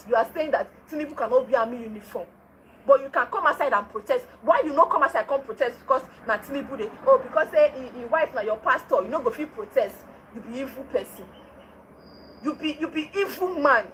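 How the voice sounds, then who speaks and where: High-voiced Nigerian Pidgin woman scolding. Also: fairly bright tone, a little hiss or hum, rough recording. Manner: scolding, rhetorical, repeats her questions. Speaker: commentator. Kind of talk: political commentary.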